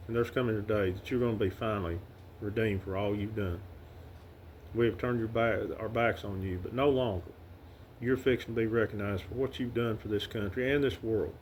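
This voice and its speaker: A middle-aged man with a Southern Arkansas accent, telling personal stories to the camera about his late father in a halting, heartfelt way with many fillers and restarts. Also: lowish voice, darkish tone, slight background noise. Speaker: son paying tribute to his late father. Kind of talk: casual heartfelt storytelling to camera.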